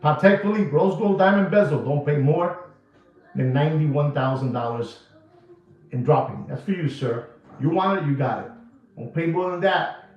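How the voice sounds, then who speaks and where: A man's voice: a little high, normal speed, heavy reverb, distant mic. Man, new york, repetitive slangy sales talk, dull muffled sound, music underneath. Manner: emphatic, repetitive, slangy, streetwise sales patter. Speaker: watch dealer. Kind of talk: casual watch market rant to camera.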